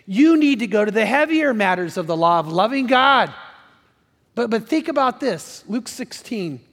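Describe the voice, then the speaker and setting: A high-pitched man preaching in an earnest, repetitive way, often turning to the congregation with questions. His voice rings through a large, reverberant church hall with a long tail. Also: animated, normal speed, fairly bright tone. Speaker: pastor. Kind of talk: sermon.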